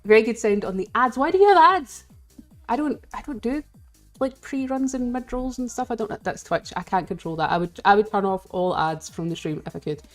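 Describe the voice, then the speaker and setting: A woman's voice: fairly high pitch, lively intonation, fairly quick, faint music behind. A Scottish woman chatting casually with viewers on a live game stream, rambling and giggling as she greets people.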